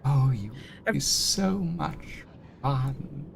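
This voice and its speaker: A game master voicing a slinky, flirtatious imp with a slow, purring delivery in a tabletop game. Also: medium pitch, animated, vocal fry, a little hiss or hum, exaggerated voice.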